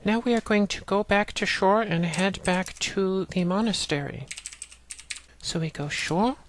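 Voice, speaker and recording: Woman calmly reading out game commands. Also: fairly low pitch, a little hiss or hum. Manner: reads out game commands and text plainly, explaining steps. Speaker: let's play narrator. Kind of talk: let's play walkthrough narration.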